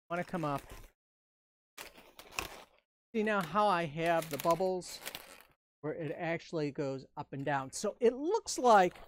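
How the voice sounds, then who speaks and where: A woman's voice: on the low side, slight background noise. A woman giving a live-stream balloon-twisting tutorial, talking through each step in a chatty, upbeat way and joking with viewers. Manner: playful asides and jokes to viewers. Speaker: balloon artist and instructor.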